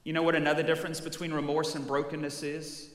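A man's voice: fairly high pitch, completely flat delivery, fast. Male preacher in an echoey hall. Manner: direct, questioning the congregation, vivid storytelling. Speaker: pastor. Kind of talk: sermon. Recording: echoey hall with long reverb.

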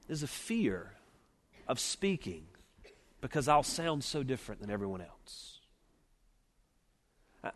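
A middle-aged man with a Southern US accent from Alabama, preaching an earnest, measured sermon that slows and drops quiet on its key points. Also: fairly high pitch. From Mobile, Alabama, US Deep South. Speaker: preacher at a seminary chapel. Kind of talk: sermon with opening prayer. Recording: long reverb of a large chapel.

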